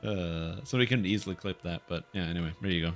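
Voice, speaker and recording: This deep-voiced man talks at a quick pace while streaming a game, with soft music playing behind him. In his casual chat with viewers he rambles, chuckles frequently, and speaks to his cat.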